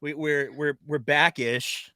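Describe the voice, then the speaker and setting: A man's voice: a little high, level tone, slow, pushed and bright, no room sound, studio quality. A man hosting a casual political podcast, playful and wry, steering the talk with questions. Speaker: podcast host.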